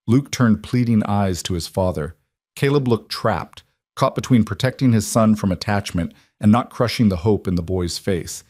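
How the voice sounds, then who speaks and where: A man giving scripted narration of a story in a measured, even way. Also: on the low side, no echo, studio quality.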